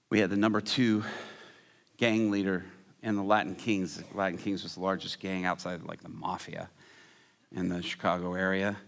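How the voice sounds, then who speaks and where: A middle-aged male pastor telling a story from the pulpit in an animated way, acting out the people in it. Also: on the low side. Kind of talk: sermon storytelling. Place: large church hall. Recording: church hall reverb.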